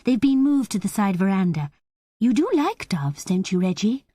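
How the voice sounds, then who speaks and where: Anne, a woman voicing a soft, whispery young woman. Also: medium pitch, big pitch swings, moderate pace, no echo, studio quality. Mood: gentle. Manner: gentle, airy, light. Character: shy, laughing young woman.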